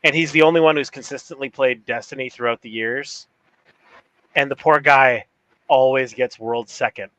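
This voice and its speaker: A man's voice: mid-range voice, steady tone, normal speed, sharp tone, dry recording, low-quality recording. A man co-hosting a podcast in casual chat, laid-back and moving the talk along. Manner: laid-back, wraps up segments. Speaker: podcast co-host.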